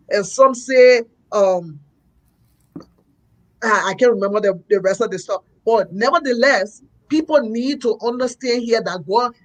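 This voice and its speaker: A man's voice: very high voice, rough recording. A man, a pastor co-hosting a talk show, speaking earnestly in a preachy, repetitive way. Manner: earnest, preachy, repeats himself. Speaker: pastor and co-host. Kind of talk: opinionated talk-show commentary.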